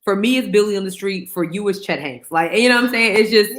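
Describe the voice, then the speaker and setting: A young woman chats on a podcast in an emphatic, animated way, heavy on slang and repetition. Her voice sits at a middling pitch for a woman. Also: fast talker. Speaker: podcast co-host. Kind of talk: casual chat.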